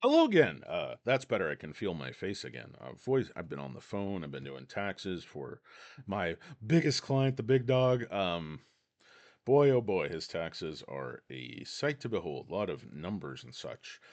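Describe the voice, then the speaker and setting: A man's voice: low-pitched, big pitch swings, measured pace. A man hosting casual stock commentary, reading an article aloud and rambling off into joking asides.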